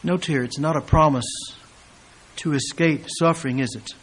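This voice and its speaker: A man delivers an expository sermon in a fairly high, slightly rough voice at a moderate pace. He reads scripture aloud, and his quotes swell into loud, emphatic peaks.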